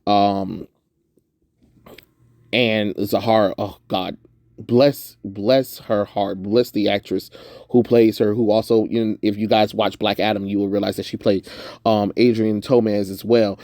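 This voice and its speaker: A man's voice: fairly low pitch, steady tone, a little slow, a little mellow, no room sound, clean studio sound. A young man from the suburban American South chatting casually through a movie review, rambling with lots of "um"s and frequent laughs. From Southern United States, suburban.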